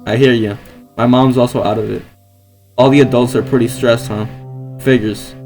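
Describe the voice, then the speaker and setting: Young guy reading a visual novel out loud, mid pitch, lots of um and like, keeps restarting his sentences. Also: steady tone, normal speed, soft background music, rough recording. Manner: hesitant, filler-heavy, restarts often. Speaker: gamer playing a visual novel. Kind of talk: reading game text aloud with rambling commentary.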